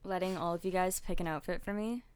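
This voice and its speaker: A woman's voice: fairly low pitch, steady tone, quick pace, darkish tone, clean tone. A young woman co-hosting a podcast in casual chat, chatty and self-deprecating. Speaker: podcast co-host.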